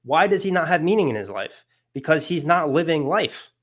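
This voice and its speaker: A man's voice: on the high side, expressive, fairly quick. A young man giving a casual philosophy lecture, earnest and emotional, with many fillers and restarts.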